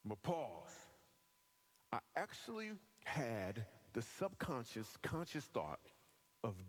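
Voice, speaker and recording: Animated man telling a comic church testimony. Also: medium pitch, slow pace. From Michigan. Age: adult. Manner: animated storytelling, acting out other people's voices. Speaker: comedian and guest speaker. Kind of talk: comedic testimony to a church audience. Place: church hall with a live audience.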